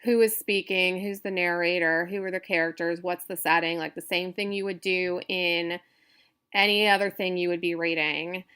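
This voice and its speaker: A woman's voice: on the low side, fairly even intonation, normal speed, bright, forceful tone, clear, resonant tone. A woman instructor giving a recorded lecture, explaining step by step with frequent fillers and restarts.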